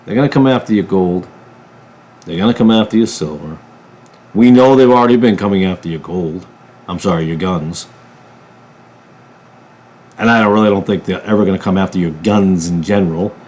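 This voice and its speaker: A man from a ministry channel giving a political commentary monologue, emphatic, jumping from loud bursts to low mutters. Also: moderate pace, long pauses. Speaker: ministry preacher.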